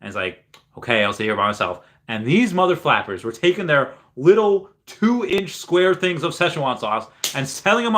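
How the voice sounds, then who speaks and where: A man's voice: fairly high pitch, bright, forceful tone, slight background noise. A young man hosting a casual livestream, rambling with many fillers and restarts while reading viewer chat aloud. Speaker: livestream host.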